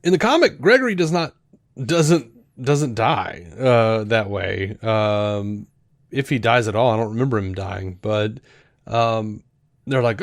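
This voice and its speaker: A man's voice: on the low side, measured pace, no room sound. Rambling man on a podcast, dry sound. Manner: rambling, full of fillers and restarts; animated retelling that acts out quoted lines. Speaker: podcast co-host. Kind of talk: casual chat.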